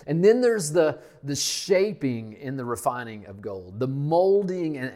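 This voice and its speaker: A male pastor preaching a sermon, emphatic, repeating key lines and dropping to a hush at the ends of phrases. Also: mid-range voice.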